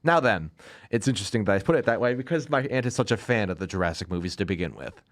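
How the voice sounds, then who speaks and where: A man's voice: fairly low pitch, fast talker. A man hosting a podcast, chatting casually about movies in a sarcastic, ranting way and laughing often. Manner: lively, animated delivery. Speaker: podcast host. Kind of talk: casual movie review chat.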